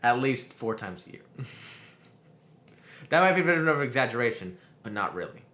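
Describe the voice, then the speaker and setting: A young man from the southern United States on a podcast, cutting in with short, teasing comments. His voice is mid-pitched and sounds bright and forceful. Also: sing-song, normal speed. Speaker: podcast co-host. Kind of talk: casual chat.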